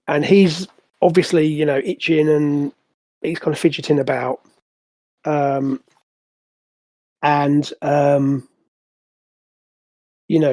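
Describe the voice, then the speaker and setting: A man narrating as game master of a tabletop game, in a halting way with many restarts. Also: a little high, darkish tone, no room sound. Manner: halting, full of fillers and restarts.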